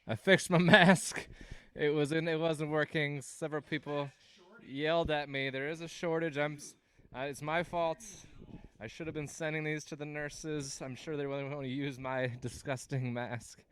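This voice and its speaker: A man's voice: on the high side, fairly even intonation, moderate pace, a bit bright, clear, resonant tone. A man in his thirties doing a rambling, self-deprecating stand-up set on a livestream, laughing at his own jokes. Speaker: stand-up comedian hosting a livestream.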